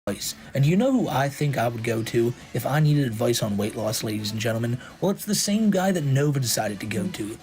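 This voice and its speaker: A man's voice: medium pitch, lively intonation, brisk, few pauses, a little mellow, faint music behind. A man streaming casual commentary, mocking his subject and laughing often.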